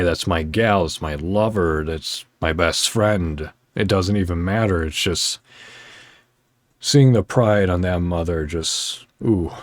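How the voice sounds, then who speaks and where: Slow deep-voiced man, unhurried storyteller. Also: dry recording, clean studio sound. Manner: halting, many fillers, heartfelt storytelling. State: choked up. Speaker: podcast host. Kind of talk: casual chat.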